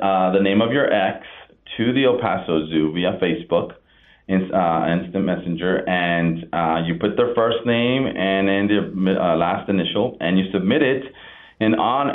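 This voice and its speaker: A man who works as a zoo's media communications director, calling into a radio show and explaining an event in a casual, halting way. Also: fairly low pitch. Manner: casual, hesitant, many fillers. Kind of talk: guest interview over the phone. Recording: tinny phone line.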